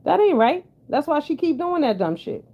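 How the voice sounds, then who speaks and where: A woman's voice: high-pitched, sing-song, normal speed, mellow. A woman giving blunt, sassy, profane commentary in casual chat with her viewers. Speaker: commentary vlogger. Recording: dull lo-fi sound.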